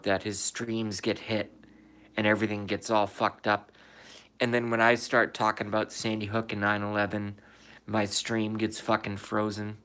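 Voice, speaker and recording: A man's voice: on the low side, fairly bright tone. A man hosting a casual livestream, reading viewer comments aloud and answering them, swearing and asking emphatic rhetorical questions from indoors. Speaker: livestream host reading chat. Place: indoors, in his room.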